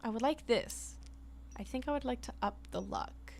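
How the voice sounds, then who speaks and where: A woman streamer reading game narration softly and chatting about the game. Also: on the high side, normal speed, a little hiss or hum. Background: faint music.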